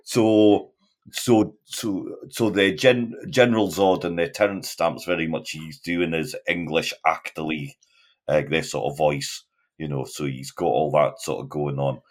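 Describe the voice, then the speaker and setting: A man's voice: very deep voice, steady tone, unhurried. A man speaking as a podcast guest, rambling in casual chat with many restarts.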